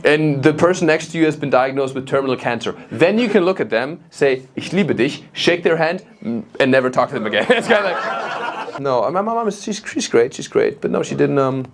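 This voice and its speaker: A man from Germany with a German accent doing stand-up crowd work, animated and teasing, live on a club stage. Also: mid-range voice, fairly quick, creaky. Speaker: stand-up comedian. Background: audience laughter.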